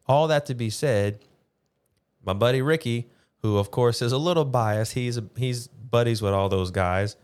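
A man co-hosting a casual podcast, telling stories in a relaxed, easygoing way with a bit of swearing. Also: medium pitch, normal speed. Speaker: podcast co-host. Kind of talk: casual chat.

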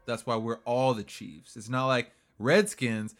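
A man in his twenties in casual, profane banter with a friend, laughing often and getting loud. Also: medium pitch, steady tone, a little slow, faint music behind. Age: 20s. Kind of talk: casual chat.

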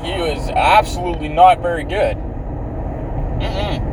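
A man's voice: a little high, measured pace, far from the mic, background noise. A man in his thirties from Canada ranting outdoors in a bitter, profane way, swearing constantly.

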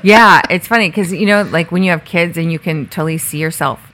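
A woman's voice: fairly low pitch, brisk, a bit bright. A middle-aged woman hosting a podcast, chatting casually and telling stories with quoted asides. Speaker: podcast host. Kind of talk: casual chat.

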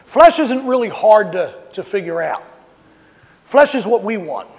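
High-voiced preacher with long reverb. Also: male voice, very animated, unhurried, a little mellow. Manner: storytelling, rising to emphatic when acting out quotes. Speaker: pastor. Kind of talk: sermon. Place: outdoors on a street.

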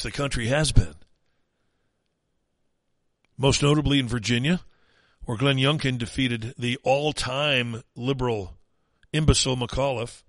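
A man's voice: medium pitch, a bit bright, no room sound. A man hosting a talk radio show, delivering an opinionated, mocking and emphatic monologue.

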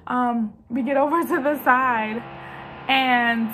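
A woman's voice: fairly high pitch, steady tone, slow, noisy background. A young woman, chatting to viewers in a storytime vlog and acting out the quotes. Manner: chatty, addresses viewers as y'all, acts out quotes. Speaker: vlogger telling a story. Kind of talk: casual storytime chat.

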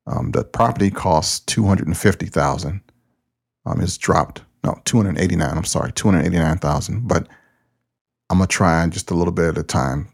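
A man's voice: low voice, normal speed, vocal fry, slightly rough. A man who hosts a podcast and pastors a church, talking in a loose, plain-spoken, conversational way. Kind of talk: casual podcast talk.

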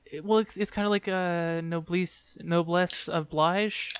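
A man's voice: high-pitched, fairly even intonation, unhurried, clean tone. A man co-hosting a podcast, casually complaining with exasperation. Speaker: podcast co-host. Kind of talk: casual chat.

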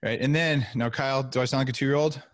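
Animated storytelling man, dry close sound. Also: medium pitch, fast, no echo. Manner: lively, acts out quoted voices. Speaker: podcast guest.

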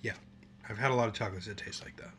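A man's voice: on the low side, steady tone, a bit bright, a little hiss or hum. A young man co-hosting a snack tasting, playful and teasing in casual chat. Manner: playful, teasing, quick to laugh. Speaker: co-host of a snack tasting show.

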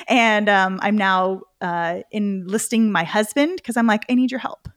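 A woman's voice: medium pitch, normal speed, no room sound, studio quality. A middle-aged woman, a podcast guest, chatting casually and animatedly, acting out her own reactions as she tells a story. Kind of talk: casual interview chat.

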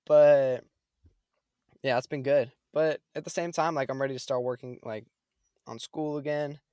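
A young man chatting casually, telling a story in a lively, slangy way. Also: mid-range voice, moderate pace, clear, resonant tone, no echo, studio quality. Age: young adult. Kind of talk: casual chat.

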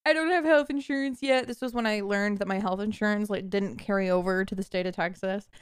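A woman's voice: mid-range voice, a little fast, clean tone, no echo, studio quality. A woman co-hosting a casual podcast with friends, telling self-deprecating stories with lots of laughter and swearing. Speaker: podcast co-host. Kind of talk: casual chat among friends. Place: lives in a cold snowy area, recording remotely.

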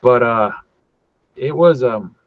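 A man from California tells his conversion story on a podcast with a mid-range voice, animated and casual, often slipping into the voices of the people he quotes. The sound is close and dry with no room in it, slightly dull and muffled. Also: mid-range voice, slow, no room sound. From California, USA. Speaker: podcast guest. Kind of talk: personal faith testimony told as a story.

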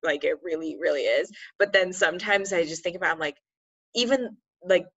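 A young woman hosts a casual podcast, upbeat and quick to laugh. Her voice sits a little low. The sound is dry and slightly muffled, with no room around it. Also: a bit bright, slightly rough, no echo. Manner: laughs often, chatty and upbeat. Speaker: podcast host and herbal medicine practitioner.

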